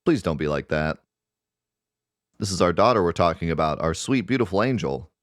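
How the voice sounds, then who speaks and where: A doting, softhearted middle-aged professor in a game, read by a man in a low voice. He speaks fondly of his family, and the sound is dry and close. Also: expressive, normal speed, no room sound. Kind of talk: reading game dialogue aloud.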